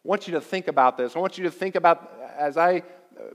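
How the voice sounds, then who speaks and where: A man preaching a sermon, emphatic and deliberate, repeating key phrases for weight. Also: on the high side, long reverb tail. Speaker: pastor.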